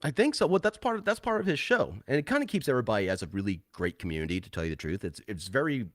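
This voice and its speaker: A man's voice: medium pitch, very animated, racing, dry recording, clean studio sound. A man co-hosting a casual livestream chat, enthusiastic and giggling often. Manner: giggly, swooping laughs, enthusiastic. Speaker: co-host.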